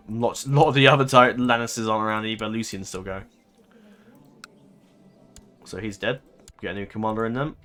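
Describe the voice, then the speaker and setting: A man's voice: on the low side, a bit bright. A man giving casual let's-play commentary, thinking aloud in a rambling way, swearing and laughing easily. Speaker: gaming commentator.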